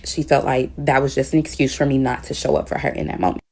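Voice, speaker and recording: A woman's voice: a bass voice, little pitch movement, fast talker. A woman, a teacher, telling a story in a casual, candid way with frank profanity. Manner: grows louder and more heated as she tells it.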